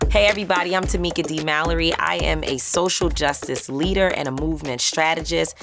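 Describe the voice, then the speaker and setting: A woman in her forties, a guest activist speaking on a podcast in a steady, deliberate way. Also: deep voice, creaky, over loud music. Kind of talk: podcast interview.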